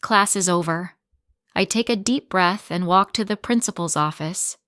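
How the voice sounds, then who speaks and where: A woman narrating a simple graded-reader story in short, clear, deliberate sentences. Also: lowish voice, fairly bright tone, no echo, studio quality.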